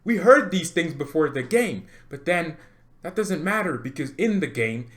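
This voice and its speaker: A man hosting a football fan channel, ranting excitedly to camera with jokes, laughs and repeated words for emphasis. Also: a little high, moderate pace. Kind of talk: animated fan rant to camera.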